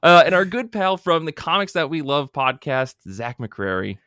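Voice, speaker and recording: A man's voice: on the high side, very animated, moderate pace, fairly bright tone, clean tone, no echo, clean studio sound. A man hosting a casual podcast, with jokey, upbeat patter. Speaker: podcast host.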